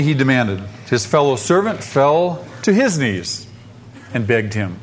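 A man preaching a sermon, asking the listeners questions and swinging between loud emphasis and soft drops. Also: mid-range voice, very animated, unhurried.

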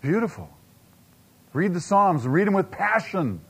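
Emphatic man preaching with dramatic pauses. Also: high-pitched, big pitch swings, husky. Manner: emphatic preacher, rhetorical questions, dramatic slow-downs and quiet asides. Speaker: pastor. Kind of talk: sermon.

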